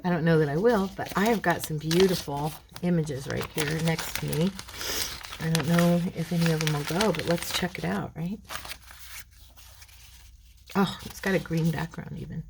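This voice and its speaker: A middle-aged woman hosting a crafting video at home, chatting casually and rambling between tasks, clearing a frog in her throat. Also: sits low, moderate pace, background noise. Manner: rambling, chatty, addresses viewers as girls. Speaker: craft channel host.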